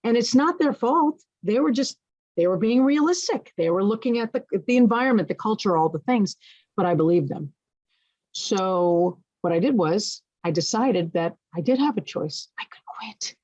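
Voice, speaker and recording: A woman's voice: medium pitch, animated, normal speed, a little mellow, no echo. A woman guest telling a personal story frankly and expressively, with self-deprecating humor. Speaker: interview guest. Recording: dull lo-fi sound.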